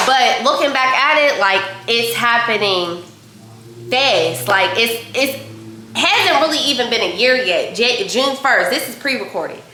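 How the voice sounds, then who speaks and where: A young woman from Pittsburgh chats to her viewers in a bright, slightly high voice while she cooks, animated as she tells her story. The kitchen sounds roomy and echoey, with a faint hiss of noise behind her. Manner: chatty, animated, talks to viewers as "y'all". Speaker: vlogger and hairstylist. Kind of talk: casual storytelling vlog while cooking. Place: home kitchen.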